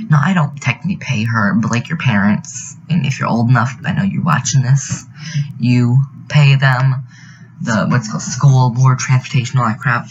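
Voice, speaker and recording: A man's voice: mid-range voice, moderate pace, highs cut off, slight background noise. A teenage boy, telling an indignant, rambling story over a game video, full of fillers. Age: teens. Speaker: youtuber narrating a speed build. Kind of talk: casual storytelling voiceover.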